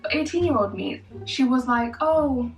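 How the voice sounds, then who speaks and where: A vlogger in her twenties tells a casual story as she gets ready, chatty and sassy with self-mocking asides. Her voice is a little high and fairly quick. The room is echoey, the mic is far off, and faint music plays behind.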